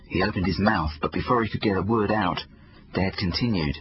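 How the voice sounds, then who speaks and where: A man reading his own children's book aloud, expressive storytelling. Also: low-pitched, fairly quick, muffled recording, a little hiss or hum. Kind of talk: audiobook narration for children.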